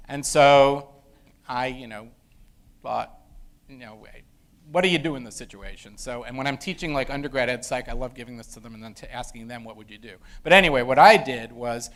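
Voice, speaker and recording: Speaking briskly in a slightly bright, medium-pitched voice, a middle-aged man who teaches education shares an anecdote from his years in the classroom. He lectures casually in a university lecture room, often using fillers and starting sentences over.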